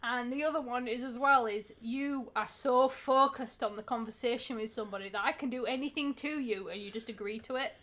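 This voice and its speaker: A woman's voice: on the high side, a little fast, few pauses, a bit bright. A woman with a Yorkshire accent, talking casually on a podcast, chatty and laughing often, with the odd swear word. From Yorkshire, England. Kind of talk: casual chat.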